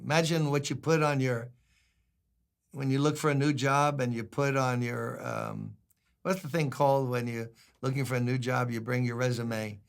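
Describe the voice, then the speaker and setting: A man's voice: mid-range voice, steady tone, a little slow, pauses often. An older man preaching a sermon as a pastor, conversational and humorous, acting out quotes.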